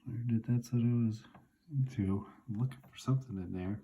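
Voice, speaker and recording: A man in his forties calmly reminiscing to himself as he looks through old family photos. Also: medium pitch, lo-fi sound, slight background noise. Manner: unhurried, musing, talks half to himself. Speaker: vlogger looking through childhood photos. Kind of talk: casual reminiscing monologue.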